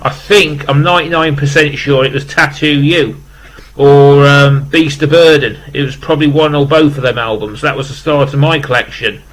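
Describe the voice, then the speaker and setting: A man's voice: on the high side, steady tone, moderate pace, a bit bright, a little hiss or hum, rough recording. A British man in his fifties chatting casually in an unboxing vlog, rambling with lots of fillers, emotional and close to tears. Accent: British English. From England. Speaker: vlogger.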